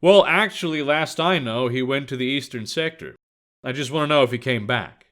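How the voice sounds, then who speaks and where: A man's voice: medium pitch, normal speed, a bit bright, close to an everyday voice. A man voicing an earnest male American intelligence agent who talks plainly and gets straight to the point. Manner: direct, earnest.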